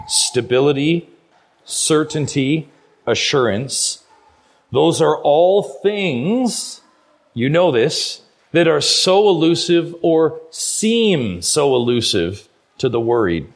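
A middle-aged man preaching a sermon as pastor, emphatic, his voice swinging between quiet low passages and loud high ones. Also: lively intonation, measured pace. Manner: emphatic preaching, rises and falls in pitch and loudness.

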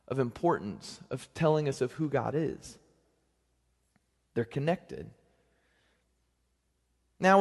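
A young man preaching a sermon as pastor, in a conversational, joking manner with lively swings in pitch and loudness. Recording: long hall reverb.

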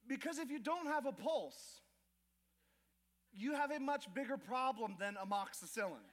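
A man preaching a sermon as pastor, telling stories with lively acted-out asides and joking with the congregation. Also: very high voice, normal speed. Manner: animated storytelling with acted asides to the crowd. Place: church auditorium. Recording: long hall reverb.

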